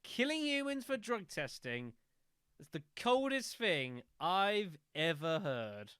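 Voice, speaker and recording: Bright, lively man streaming a game. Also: high-pitched, clear, resonant tone, no echo. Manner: incredulous, quick reactions, dry sarcasm. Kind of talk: live gameplay commentary.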